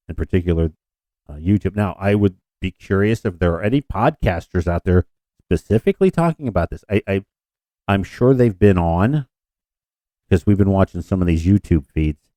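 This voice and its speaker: A man's voice: low voice, mellow, no room sound. A man co-hosting a podcast in casual chat, rambling and self-deprecating with frequent restarts. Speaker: podcast co-host.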